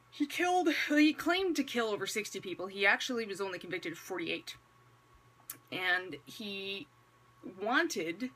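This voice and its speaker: A woman with a husky, slightly breathy voice delivers casual commentary to her viewers. She keeps it wry and conversational, stacking rhetorical questions and dry, sarcastic asides around a religious point. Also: medium pitch, bright, forceful tone. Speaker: vlogger.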